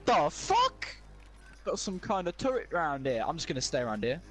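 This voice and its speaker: A young man playing an online shooter with a friend, loud and excitable, swearing and laughing often. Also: fairly high pitch, quick pace, soft background music. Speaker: gamer streamer. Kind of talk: excited gaming banter.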